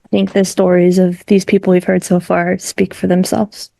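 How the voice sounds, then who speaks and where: A woman's voice: on the low side, completely flat delivery, moderate pace, creaky, heavy background noise. A woman giving brief, plain-spoken public comment at a city council meeting.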